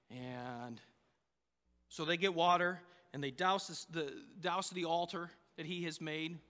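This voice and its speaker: A man's voice: sits high, pushed and bright, in a large hall. A man preaching a sermon, telling a story in a loose, conversational way with fillers and restarts. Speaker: pastor.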